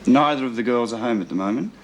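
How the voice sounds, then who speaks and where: A man's voice: medium pitch, fast talker, close to an everyday voice. An actor playing a sullen, defensive young man on probation. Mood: sulky. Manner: sulky, defensive.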